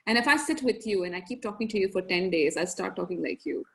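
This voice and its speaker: A young adult woman, a podcast guest, telling stories in a casual, animated way and laughing often. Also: mid-range voice, fast, creaky. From grew up in several countries. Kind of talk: casual storytelling chat.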